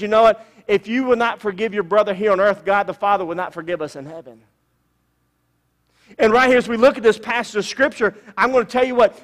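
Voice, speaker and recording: High-voiced preacher in a reverberant hall. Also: male voice, a bit bright. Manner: preaching with emphatic repetition, drawn-out phrases. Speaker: pastor. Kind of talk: sermon. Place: church sanctuary.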